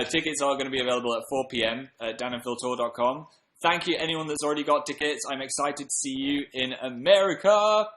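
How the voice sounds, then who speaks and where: A medium-pitched man with a fairly bright tone livestreams casually from a room at home, the audio poor and echoey. Tired after a late night, he chats and reads out comments, breaking into upbeat bursts.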